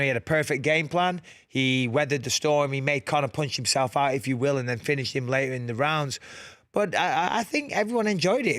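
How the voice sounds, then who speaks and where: A man's voice: mid-range voice, fairly bright tone, dry recording. A man with a northern English accent, talking frankly as a guest in a casual studio interview and laughing easily. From England. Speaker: guest fighter. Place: radio studio.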